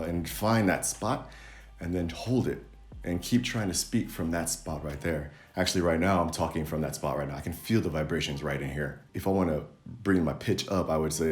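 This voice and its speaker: A man giving a casual voice lesson to camera, relaxed and coaching, demonstrating sounds as he explains. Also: sits low, fairly quick.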